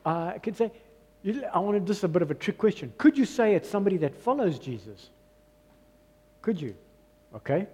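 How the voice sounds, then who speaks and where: Male pastor, high husky voice, emphatic and repetitive sermon delivery, reverberant church. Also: sing-song, moderate pace, pauses often, mellow. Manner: emphatic, repeats phrases, mixes in Afrikaans.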